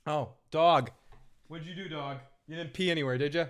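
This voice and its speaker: A man's voice: on the high side, moderate pace. A man hosting a casual live recap show from home, rambling and joking with frequent chuckles. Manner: jokey, rambling, chuckles often. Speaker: host.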